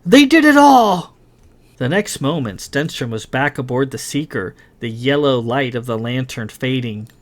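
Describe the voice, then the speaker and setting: A man reading his science fiction novel aloud in a dramatic, expressive narration. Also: medium pitch, normal speed, hardly any pauses. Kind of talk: scripted audiobook narration.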